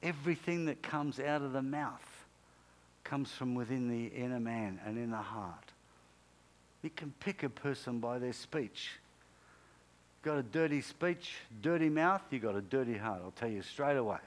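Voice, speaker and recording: A man's voice: mid-range voice, animated, unhurried, long pauses. A male pastor preaching a sermon in an emphatic, repetitive way, punctuated by sudden exclamations.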